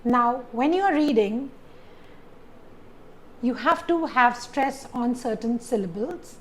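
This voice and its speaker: A woman tutor gives a pronunciation lesson at a very unhurried pace. Her voice sits a little high, and she sounds out each word with careful stress. A faint ambient hiss runs under the recording. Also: expressive, poor audio. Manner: slow, deliberate teacher pronunciation with stressed syllables. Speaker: English test tutor. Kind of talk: video lesson.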